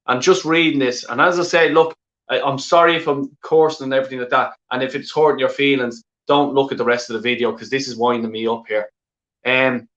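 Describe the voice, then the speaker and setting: On a live stream, an exasperated Irish man goes on an angry football rant, swearing nonstop and looping the same filler phrases. His mid-range voice stays steady, a little fast and fairly bright, in a reverberant, muffled recording.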